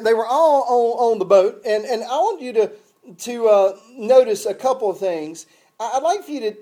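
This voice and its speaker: A man's voice: sits high, warm tone. A man preaching a sermon in a folksy, conversational way, often restarting his sentences. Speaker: pastor.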